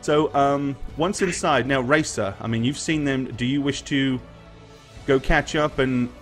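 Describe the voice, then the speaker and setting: A man's voice: medium pitch, a little slow, faint music behind. A man narrating a tabletop game as game master, casual and chuckling, with frequent fillers.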